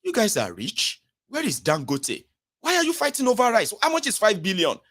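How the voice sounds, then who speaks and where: A man's voice: high-pitched, huge pitch swings, normal speed, a bit bright. A man with a Nigerian accent delivering a sarcastic, mocking political commentary vlog rant. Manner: sarcastic, mocking rant mixing Pidgin and Yoruba.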